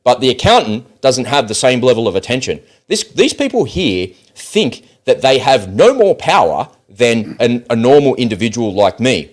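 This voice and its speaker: A man's voice: mid-range voice, sing-song, moderate pace, few pauses. A man with an Australian accent giving blunt, sarcastic, profane commentary on a video clip. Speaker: political commentator.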